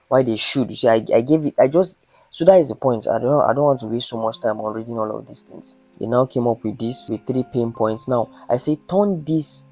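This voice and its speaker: A man's voice: mid-range voice, dark tone. A man teaching online marketing step by step. He repeats his points and checks that viewers follow. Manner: instructive, repeats points and checks "you understand?". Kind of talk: screen-recorded tutorial.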